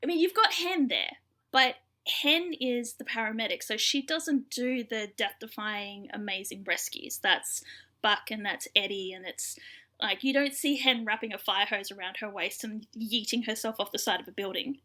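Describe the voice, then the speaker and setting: A woman's voice: fairly high pitch, moderate pace, pushed and bright. A young adult woman co-hosting a podcast, chatting through an episode recap with lots of fillers. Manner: chatty storyteller, frequent fillers. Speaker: podcast co-host. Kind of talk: casual episode recap chat.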